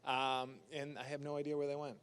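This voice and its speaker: At a fan convention panel, a Canadian man talks casually into a handheld mic in a smooth, medium-pitched voice, a little fast. He is a lively storyteller who laughs easily, his voice jumping up when he imitates others.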